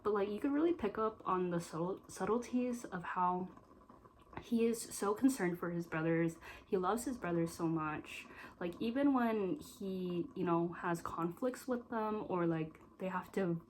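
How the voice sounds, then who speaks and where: A woman's voice: fairly low pitch, unhurried, a little mellow, a little hiss or hum, poor audio. A young adult woman giving a casual spoken film review, emotional and gushing, with lots of "like" fillers. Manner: emotional and gushing, with heavy use of "like".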